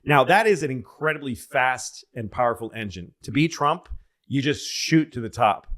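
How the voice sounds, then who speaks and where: A man chatting on a comedy podcast, wandering from point to point. He loses his train of thought often and jumps into loud impressions of the people he describes. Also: mid-range voice, lively intonation, normal speed. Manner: rambling, loses his train of thought, acts out quotes loudly. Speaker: podcast co-host. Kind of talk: casual comedic rambling chat.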